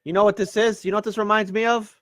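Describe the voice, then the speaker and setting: Co-host guy, medium voice, dry close sound, calm but sarcastic. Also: high voice, dry recording. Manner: measured, sarcastic asides. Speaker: political show co-host. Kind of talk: casual political discussion.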